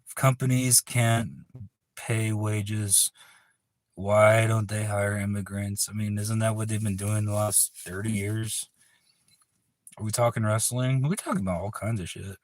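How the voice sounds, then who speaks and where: A man's voice: fairly low pitch, steady tone, a little slow, no room sound. A man hosting a livestream in casual chat, laid-back, rambling and profane. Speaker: livestream host.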